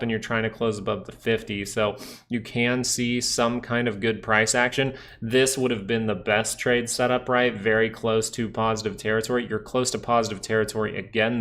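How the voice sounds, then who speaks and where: A young man with a nasal voice hosting a casual live stock market stream, rambling through charts and answering chat. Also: mid-range voice. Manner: relaxed, rambling, talks to chat viewers. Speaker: stock market livestream host.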